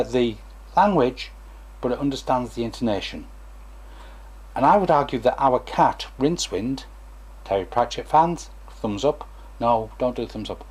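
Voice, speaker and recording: A man's voice: medium pitch, a little mellow, slightly rough. A former stammering therapist, a man, gives a chatty, digressive talk to camera and acts out examples as he goes.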